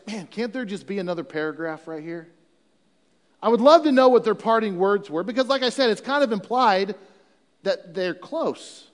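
Brief: male pastor, sermon, casual and joking between readings, high voice, long hall reverb. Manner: conversational, humorous asides.

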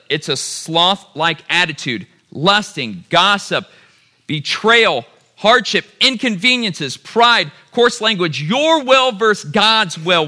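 Bright-voiced preacher with a drawl. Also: male voice, high-pitched. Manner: addresses the crowd as "y'all", builds to emphatic repeated lines. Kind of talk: sermon.

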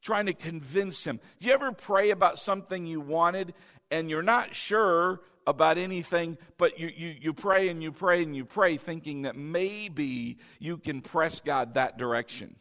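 A high-pitched man delivers a sermon from the pulpit. He drives his points home by repeating short phrases and having the congregation echo them back. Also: unhurried, fairly bright tone. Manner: emphatic preaching, repeating key phrases for the congregation. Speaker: pastor.

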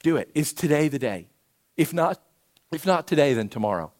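Animated, lively-pitched male preacher. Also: moderate pace. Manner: animated, swings from loud to hushed. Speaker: pastor. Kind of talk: sermon.

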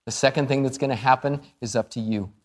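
A male pastor delivers a sermon with strong swings in energy. He pushes up high and loud on key phrases, then drops low and quiet for emphasis, and acts out the dialogue of his stories. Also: fast talker. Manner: storytelling with quoted dialogue.

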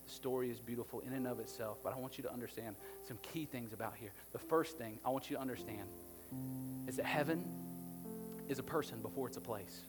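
A man's voice: medium pitch, fast. Preaching man in a reverberant hall. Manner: swings from hushed near-whisper to loud emphatic preaching. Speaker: pastor. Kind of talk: sermon. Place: church with a live congregation. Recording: long hall reverb with faint music behind.

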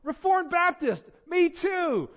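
A man voicing an overeager, excitable preacher who yells high and loud. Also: slow pace, dull audio, exaggerated voice. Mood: gleeful. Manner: shouting, rising high and loud.

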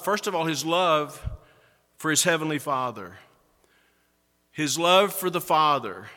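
Bright-voiced man preaching in an echoey hall. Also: fairly high pitch. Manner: emphatic preaching, slowing and rising for stress. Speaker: pastor. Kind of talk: sermon. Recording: echoey hall with long reverb.

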